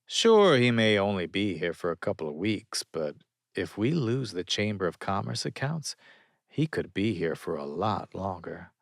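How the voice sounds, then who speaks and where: A man with a low voice narrates a small-town romance in the first person, unhurried and wry. His intonation moves a lot, and the recording is dry and close with no room sound. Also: sing-song, gravelly, no echo. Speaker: audiobook narrator.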